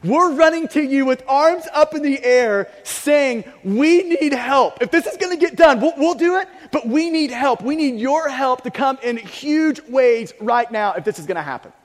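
A man's voice: very high voice, very animated, normal speed, few pauses. A man voicing a group of worried male disciples, speaking earnestly and stumbling over repeated words. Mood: pleading. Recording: long reverb of a large hall.

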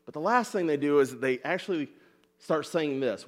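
Earnest high-voiced male pastor preaching. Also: lively intonation, normal speed. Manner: earnest, repeats words as he builds a point; acts out the people's complaints in quoted voices. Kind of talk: sermon.

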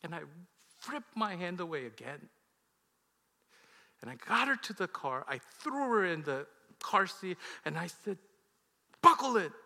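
A man in his thirties, a pastor telling a personal story in a sermon. His storytelling swings from loud outbursts to hushed, low confession. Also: sing-song, unhurried, creaky, long pauses, big-room sound.

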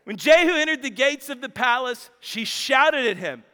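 Man, pastor, sermon, bright crisp voice, dramatic storytelling, jokey asides, long church-hall echo. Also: very high voice, expressive, moderate pace.

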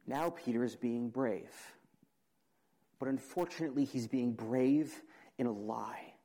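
A young man preaching a sermon, dramatic, asking the audience questions and swinging between loud emphasis and quiet. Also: mid-range voice, measured pace, poor audio.

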